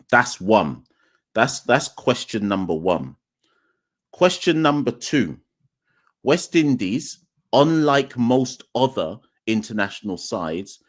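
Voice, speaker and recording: A man hosting a live cricket podcast, talking emphatically, repeating his points and speaking straight to the chat. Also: on the low side. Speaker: podcast host. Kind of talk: live-streamed call-in commentary.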